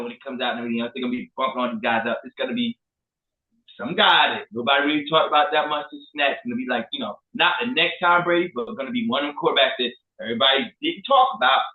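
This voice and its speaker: Animated trash-talking man, echoey lo-fi sound. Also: on the high side. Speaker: co-host. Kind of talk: casual sports talk. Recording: echoey room, phone-like lo-fi.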